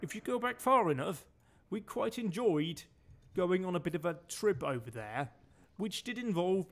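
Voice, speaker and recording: Man, from denmark, gameplay commentary, gravelly, barks orders, swears a lot. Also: high-pitched, animated, moderate pace, a little hiss or hum. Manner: chatty, swearing, barking orders at his crew. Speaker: game streamer.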